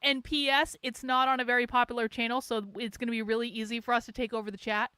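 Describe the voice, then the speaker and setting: A woman's voice: on the high side, level tone, fast talker, sharp tone, clear, resonant tone, dry recording, studio quality. A middle-aged woman hosting her livestream, ranting sarcastically and with lots of swearing in a rambling casual chat. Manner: sarcastic, profane, rambling with laughs. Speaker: livestream host.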